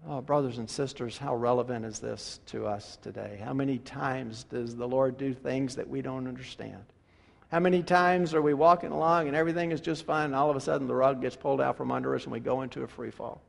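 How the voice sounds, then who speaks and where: A man delivering a sermon as a pastor, animated and full of rhetorical questions, swinging from loud to hushed. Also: medium pitch, brisk, creaky. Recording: long reverb of a large hall.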